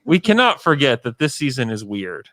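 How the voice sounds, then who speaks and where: Podcast co-host, male, lively pitch, dry close sound, emphatic sports talk. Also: moderate pace, no echo. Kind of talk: casual sports chat.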